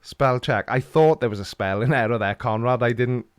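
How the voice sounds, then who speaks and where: A man's voice: mid-range voice, moderate pace, smooth, no echo. A Welsh man hosting a live stream, reading out chat comments with dry, teasing humor. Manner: jokey, dry teasing banter.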